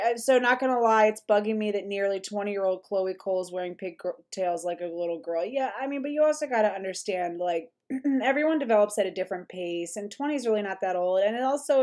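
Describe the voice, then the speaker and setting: Rambling young woman, chatty commentary. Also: medium pitch. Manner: rambling, lots of fillers and restarts, frequent throat clearing. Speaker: commentary channel host. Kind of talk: casual reaction commentary.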